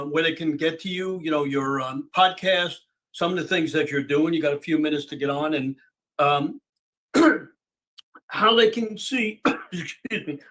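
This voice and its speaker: A man hosts a group call. His voice is somewhat high and very bright. He speaks loosely, filling his sentences with "um" and "you know" as he passes the floor to a guest. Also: rough recording. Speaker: host.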